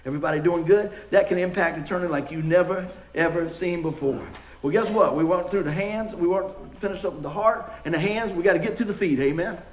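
A middle-aged pastor, preaching a sermon with jokes and folksy storytelling. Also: male voice, high voice, fast talker, hardly any pauses. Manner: folksy, joking, animated storytelling. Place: church sanctuary. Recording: echoey church room.

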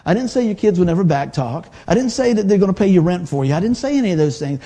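A man's voice: sits high, animated, fast talker, few pauses, mellow, breathy edge. A male pastor preaching a sermon in a conversational, folksy way, often adding "man" and "amen".

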